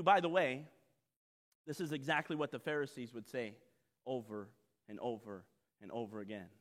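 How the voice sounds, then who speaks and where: A man pastor preaching a sermon dramatically, acting out voices and swinging from loud to soft. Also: mid-range voice, moderate pace, long reverb tail.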